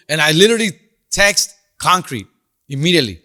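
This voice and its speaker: A man's voice: sits high, lively intonation, moderate pace, sharp tone. A man hosting a comedy podcast, telling a story in a slangy, profane, casual way. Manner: answers listener questions.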